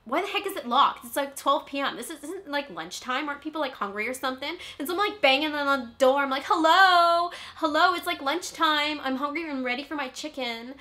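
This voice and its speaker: A Californian woman plays a ditzy, spoiled, rich young Valley Girl in a comedic vlog monologue, using a Valley Girl accent. Her high-pitched voice is bright and forceful, packed with constant "like" fillers and airheaded, whiny uptalk.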